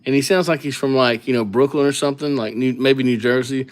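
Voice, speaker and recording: A man with an ordinary midrange voice chats on his live stream in an easygoing, rambling way. He wanders off on tangents and thinks aloud as he goes, never rushed or formal. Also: medium pitch. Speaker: livestream calligraphy host. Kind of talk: casual live-stream chat.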